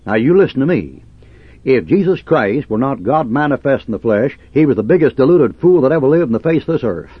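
Combative male preacher, husky and animated, on a dry, lo-fi recording. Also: medium pitch, a little fast, no room sound. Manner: combative, sarcastic, preaching in old King James cadence. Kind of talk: fiery fundamentalist sermon.

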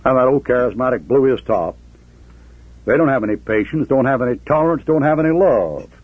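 A male preacher delivers his sermon with folksy sarcasm. His voice is a little husky. The recording is thin and phone-like, with no room echo. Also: medium pitch, lively intonation, a little fast. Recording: tinny phone-like, dry.

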